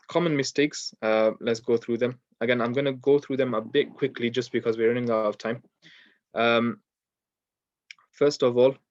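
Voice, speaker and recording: A man's voice: mid-range voice, no room sound. A man teaching Quran recitation rules in an online lesson, explaining in an easy way with many ums and modelling the sounds himself. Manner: relaxed explaining with frequent ums, demonstrating sounds. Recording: dull lo-fi dry recording.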